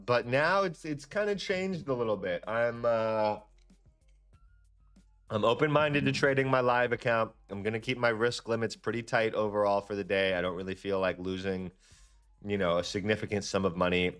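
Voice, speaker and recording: A young man hosting a live trading stream, chatting casually and ranting in a slangy, profane, animated way. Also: normal speed, clean tone, faint music behind. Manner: animated, slangy and profane, with lively jumps in pitch. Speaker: livestream trading host. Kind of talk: casual livestream chat and rant.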